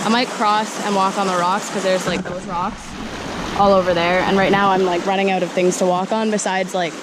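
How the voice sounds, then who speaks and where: Young woman, casual hiking vlog, giggly storytelling, handheld camera, noisy outdoor recording by rushing water. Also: mid-range voice. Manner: chatty, giggly, self-deprecating storytelling. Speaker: vlogger. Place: outdoors in a gorge by flowing water. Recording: outdoor noise, flowing water. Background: flowing water.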